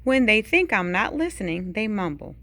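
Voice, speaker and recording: A woman, a teacher, reading a picture book aloud at bedtime, dramatically, with sudden hushed whispers. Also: sing-song, a little slow, gravelly, a little hiss or hum. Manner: dramatic storytelling with sudden hushed whispers and big pitch swings.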